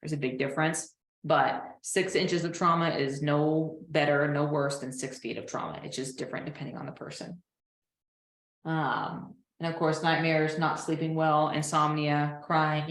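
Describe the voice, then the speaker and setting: A low-pitched woman counselor leads a training seminar, lively and animated. She slips into short acted voices to quote her clients. The room around her is echoey. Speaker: trauma counselor.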